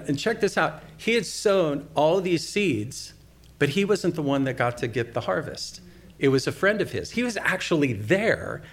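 A middle-aged man preaching a sermon, telling a personal story conversationally and asking the congregation questions. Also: mid-range voice. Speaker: pastor.

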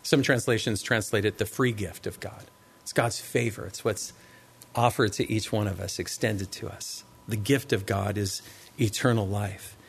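A man's voice: lowish voice, fairly even intonation, moderate pace, creaky, husky. A man preaching a verse-by-verse sermon as a pastor, conversational and explanatory, often tossing in tag questions to his listeners. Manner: explanatory, teaching pace. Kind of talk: expository sermon.

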